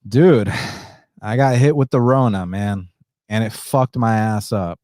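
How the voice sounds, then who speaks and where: A podcast host, a man, talking in a subdued indoor voice, short of breath and pausing for deep breaths, blunt and profane. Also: mellow, dry recording, studio quality. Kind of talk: casual podcast monologue.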